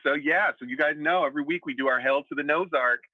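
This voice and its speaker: A man's voice: fairly high pitch, fast, no echo, lo-fi sound. Laughing man recapping a TV episode. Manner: laughs often, acts out characters' lines. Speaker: aftershow co-host. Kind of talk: casual TV recap chat.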